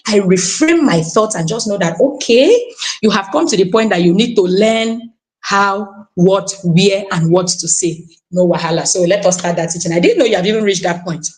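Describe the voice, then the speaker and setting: A woman from Nigeria with a Nigerian accent, giving an animated, exclamatory testimony as a guest on a live stream. She keeps calling out to her coach and slips into pidgin phrases. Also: medium pitch, moderate pace. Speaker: podcast guest sharing a testimony.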